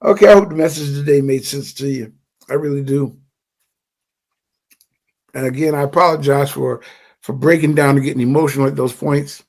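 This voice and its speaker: A man's voice: mid-range voice, moderate pace, pauses often, darkish tone. An older man giving an impassioned livestream teaching in a fervent, preachy way, often stammering and repeating words.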